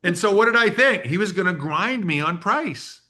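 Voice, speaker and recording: A man in his sixties giving a business workshop, telling a story in an animated way and acting out the quotes. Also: sits high, moderate pace. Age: 60s. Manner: animated storyteller who acts out quotes and laughs. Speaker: workshop presenter.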